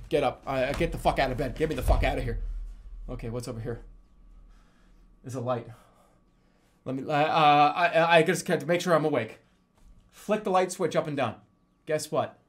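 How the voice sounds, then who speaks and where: A young adult man, a streamer, telling a story in casual, profane speech with frequent laughter. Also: fairly high pitch.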